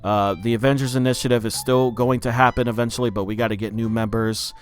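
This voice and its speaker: A man's voice: mid-range voice, steady tone, fast talker. A man casually recapping a movie plot for his review channel, loose and profane, with lots of filler words. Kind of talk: casual spoken film review.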